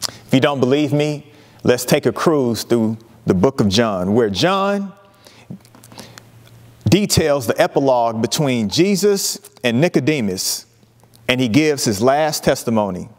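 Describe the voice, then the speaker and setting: A man preaching a sermon, emphatic, with dramatic pauses and lively retellings of scripture. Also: mid-range voice, big-room sound. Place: church sanctuary.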